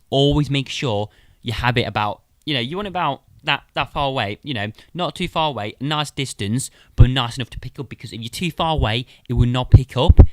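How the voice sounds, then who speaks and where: Chatty man reviewing gear. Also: mid-range voice. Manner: chatty, repetitive, addresses viewers as guys. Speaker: tech reviewer. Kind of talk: casual product review.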